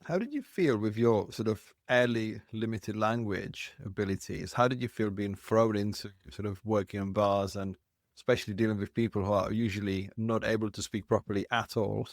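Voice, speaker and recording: A man hosting an interview podcast in English learned as an adult, asking long, thoughtful questions that wander into small acted-out asides. His voice is on the lower side and sounds close and dry, with no room echo. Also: normal speed. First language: not English. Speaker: podcast host. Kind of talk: conversational interview.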